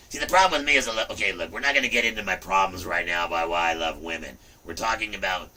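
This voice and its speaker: A middle-aged livestream host rambles casually, talking fast, swearing freely, and bursting into sudden loud outbursts. His voice is a little low yet very bright and hard-edged, and the mic catches him from a distance.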